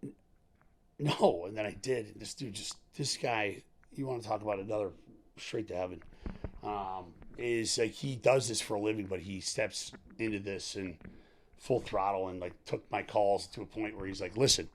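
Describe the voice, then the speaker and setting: A middle-aged man, a podcast guest, telling a candid story in a rambling, animated way, acting out the lines of the people in it. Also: on the low side, moderate pace, a little hiss or hum. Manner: animated, rambling, acts out quoted dialogue, laughs often.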